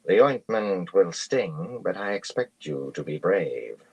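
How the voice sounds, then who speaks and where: A man doing an imperious young noblewoman from a fantasy audiobook, slow and drawling, cool and commanding. She sounds husky and low-pitched. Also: animated, exaggerated voice, poor audio. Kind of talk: audiobook character reading.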